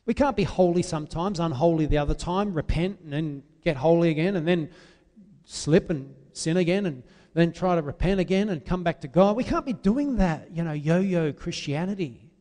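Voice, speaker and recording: A man preaching an impassioned sermon, swinging between loud, drawn-out pleas and quiet, confessional asides. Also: fairly high pitch, in a large hall.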